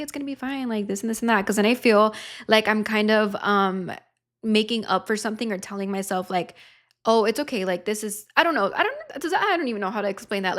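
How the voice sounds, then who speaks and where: A young woman hosting a podcast in casual chat, expressive and confessional, swearing freely. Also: medium pitch. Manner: emotional, confessional. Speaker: podcast host.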